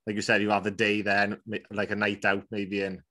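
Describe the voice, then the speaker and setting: A Welsh man with a Welsh accent hosting a podcast, talking in a relaxed, chatty way with lots of fillers. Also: fairly low pitch, a little fast. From Wales. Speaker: podcast host. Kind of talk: casual podcast chat.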